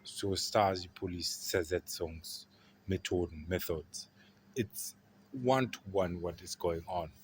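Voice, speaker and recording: A man with a German accent, talking through a rambling podcast monologue and swinging between loud emphasis and quiet asides. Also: low voice, takes it slowly, slight background noise. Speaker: podcast host. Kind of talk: casual monologue.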